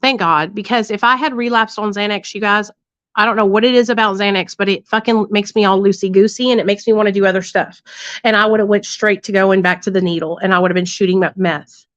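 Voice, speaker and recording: Speaking briskly in a mid-range, slightly bright voice, a woman on a livestream recounts a story to her live audience. Her tone stays steady while she swears freely and keeps adding tag questions. The sound is dry and dull with no room echo, clearly lo-fi.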